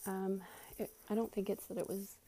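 A woman's voice: medium pitch, level tone, normal speed, warm tone, slight background noise. A young woman vlogging casually while cleaning her living room at home. She is out of breath and rambles, with many fillers and sighs.

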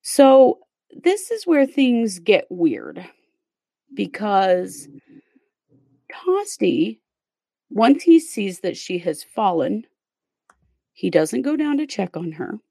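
Woman, podcast host, casual true crime storytelling, step-by-step, gravelly, dry close sound. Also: mid-range voice, big pitch swings, slow, long pauses, warm tone, no room sound. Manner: conversational, recounts events step by step with fillers.

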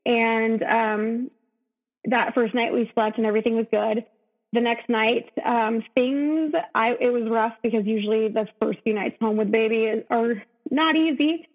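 A woman's voice: a little high, fairly even intonation, measured pace. A woman telling her own story as a podcast guest, earnest and emotional, often breaking off and restarting. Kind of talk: candid personal storytelling in an interview. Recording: dull, lo-fi sound.

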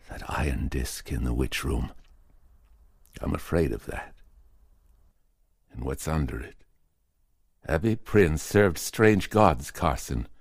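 A man's voice: very deep voice, breathy edge, no echo, studio quality, heavily acted. A man voicing a grave male occult investigator who warns with solemn urgency in an audiobook reading. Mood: fearful. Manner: solemn, pleading and ominous.

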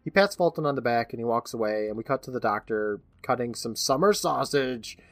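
A man's voice: mid-range voice, a little fast, no echo, faint music behind. A man co-hosting a podcast, recapping an episode in casual chat, acting out lines and laughing often. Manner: animated storyteller, laughs often, acts out lines. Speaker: podcast co-host.

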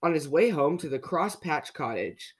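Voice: mid-range voice, big pitch swings, moderate pace, slightly rough. A storyteller reading a children's picture book aloud, playfully asking young listeners questions along the way.

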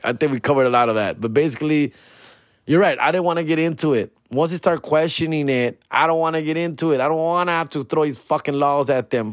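A man's voice: a little high, no echo. A man, a comedian hosting his own podcast, chatting casually in a laid-back, profane, slang-heavy way into a close mic. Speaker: stand-up comedian and podcast host. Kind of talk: casual solo podcast chat.

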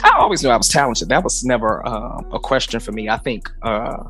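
A man's voice: medium pitch, expressive, brisk, sharp tone, breathy edge, faint music behind. A man from St. Louis, Missouri, a drag performer chatting as a guest from a busy home, easygoing and laughing often. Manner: easygoing, laughs often, many fillers and restarts. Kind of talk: casual interview chat.

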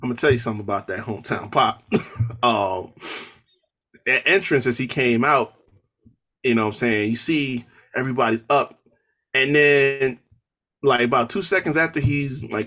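A man co-hosting a podcast, talking wrestling in an excitable, slangy way with lots of laughter. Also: mid-range voice, normal speed, pauses often. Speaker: podcast co-host. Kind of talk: casual wrestling chat.

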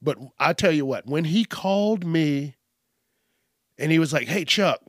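A man's voice: fairly high pitch, lively intonation, a little slow, no echo, studio quality. A man hosting a casual comedic news podcast, rambling and profane, poking fun at himself. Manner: rambling, profane, self-mocking. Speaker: podcast host.

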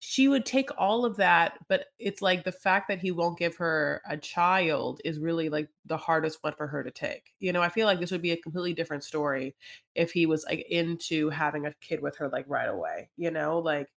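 A woman's voice: deep voice, normal speed, vocal fry. A woman co-hosting a podcast, rambling casually with lots of fillers as she recaps a reality show. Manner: rambling, lots of "like" and "you know". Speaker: podcast co-host.

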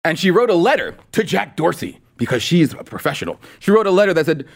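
A man's voice: fairly high pitch, sing-song, quick pace. A man hosting a political commentary show with a sarcastic, mocking manner. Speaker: host. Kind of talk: political commentary with a sponsor read.

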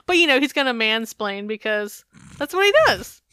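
A woman co-hosting a podcast in casual chat, animated and swearing freely. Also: fairly high pitch, normal speed, smooth, no room sound. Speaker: podcast co-host.

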